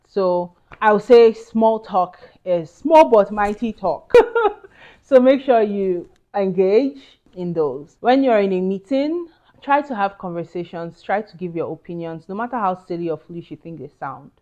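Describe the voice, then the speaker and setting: A woman's voice: lowish voice, a little mellow, muffled recording. A woman with a Nigerian accent giving career advice in a casual, earnest and emphatic chat with asides. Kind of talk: casual advice talk to camera.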